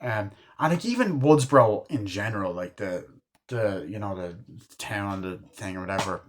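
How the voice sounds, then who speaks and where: A man's voice: lowish voice, lively intonation, normal speed. A man giving a casual, enthusiastic film review, rambling with lots of fillers and swearing freely. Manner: rambling, profane, lots of fillers like "you know" and "like"; enthusiastic fan. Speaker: movie reviewer.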